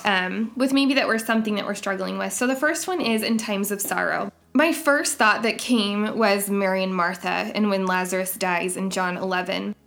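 A woman hosting a devotional podcast, talking in an earnest, reflective way and sharing personal experiences with soft laughs. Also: on the high side. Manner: reads scripture aloud in a measured way. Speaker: podcast host.

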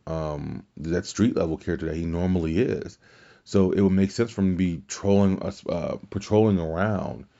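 Man, low voice, mellow tone, rambling casual commentary, restarts a lot, dull lo-fi recording. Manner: rambling, many restarts and filler words. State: tired, fighting yawns. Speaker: podcast host. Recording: dull lo-fi sound.

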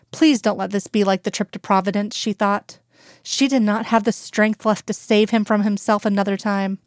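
A woman narrating a fan fiction story aloud at an even, measured pace, recorded close to the mic. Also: medium pitch, clean tone, dry recording.

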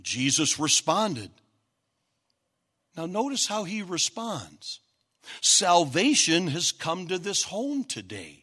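Male preacher, high voice, unhurried sermon delivery, emphatic with shouted peaks. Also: wildly swooping pitch, breathy edge. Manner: emphatic, rising to shouts at key points; repetitive, stacked phrases.

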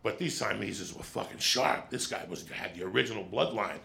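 A middle-aged man with a deeply gravelly, bright and forceful voice, doing stand-up storytelling. He talks in an animated, profane rush and keeps tossing "right?" to the crowd. His delivery is loose and conversational. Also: a little fast. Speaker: stand-up comedian. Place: comedy stage with audience.

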